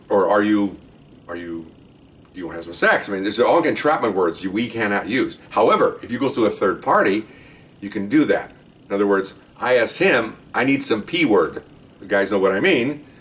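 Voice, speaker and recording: An older man rattles off stories from his years as an undercover cop, quick and animated. He acts out the back-and-forth of each scene. His voice sits a little away from the microphone. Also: fairly low pitch. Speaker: retired undercover police officer. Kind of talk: casual storytelling of past cases. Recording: voice distant from the mic.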